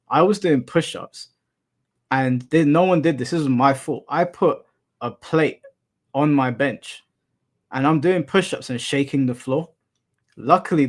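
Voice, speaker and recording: A young adult man hosting a live stream, chatting casually with viewers and telling rambling anecdotes with casual swearing. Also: medium pitch.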